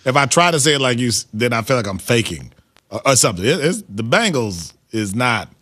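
A co-host with a husky, bright voice that swings up and down a lot. He talks in a halting, playful way and stammers often. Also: mid-range voice, big pitch swings.

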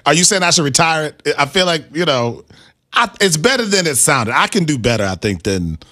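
A man's voice: fairly high pitch, expressive, bright, forceful tone. A man hosting a sports radio show, talking casually, restarting sentences and poking fun at himself. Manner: halting, repeats words, self-mocking.

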